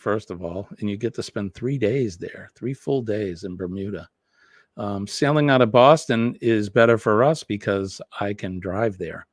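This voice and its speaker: A man's voice: fairly low pitch, no room sound, clean studio sound. A man, chatting casually with viewers as host of a morning live stream, rambling and reading comments aloud. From New England. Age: 50s.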